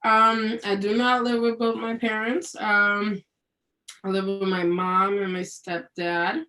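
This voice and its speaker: A young woman from Providence, an acting student, chatting quietly and hesitantly on a video call from her bedroom. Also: medium pitch, little pitch movement, slow. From Providence, Rhode Island. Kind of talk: casual video-call chat. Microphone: laptop on a video call.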